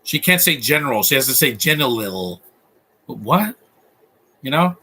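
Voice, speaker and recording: A man's voice: medium pitch, very animated, a little fast, pushed and bright, slightly rough. A man in his thirties giving live movie commentary, opinionated and rambling, often restarting his sentences.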